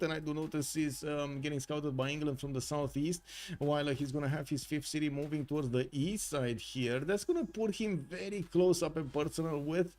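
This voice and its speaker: A man's voice: fairly high pitch, darkish tone. A young man from Romania with a Romanian accent, casting a strategy game match live with a rambling, filler-heavy delivery. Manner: rambling, many filler uhs, chats with chat. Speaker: caster. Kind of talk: live esports commentary.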